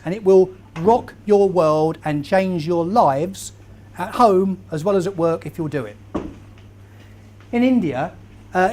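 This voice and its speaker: A man, giving a lively motivational talk to a live audience and quizzing the crowd as he tells stories. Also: sits high, a little hiss or hum. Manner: animated storyteller, quizzes the crowd. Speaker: keynote speaker.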